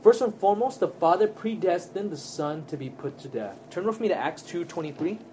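A man teaching a Bible study class, earnest and emphatic, often checking in with his listeners with quick tag questions. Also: sits high, expressive, background noise.

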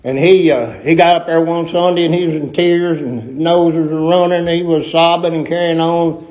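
A man's voice: on the high side, measured pace, a little mellow, low-quality recording. A middle-aged man preaching a sermon in a folksy, emphatic way with rustic grammar.

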